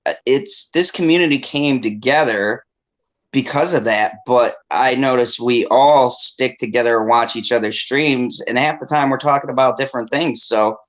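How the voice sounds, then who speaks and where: This is a man in a relaxed group call, speaking earnestly and at length in a voice of middling pitch. His delivery is thoughtful and steady. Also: normal speed, rough recording. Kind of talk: casual group chat.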